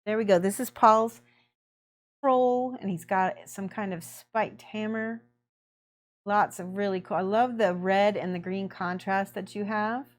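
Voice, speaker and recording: A woman's voice: medium pitch, fairly even intonation, a little slow. A middle-aged woman hosting a miniature painting livestream, chatting casually and laughing often as she greets viewers by name.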